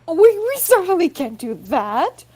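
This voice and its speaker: A woman's voice: extremely high pitch, very animated, normal speed, dark tone, pitched above the performer's own voice. A woman reading a prim young assistant. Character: polite, composed young female assistant. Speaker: player reading game dialogue. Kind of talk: reading game dialogue aloud.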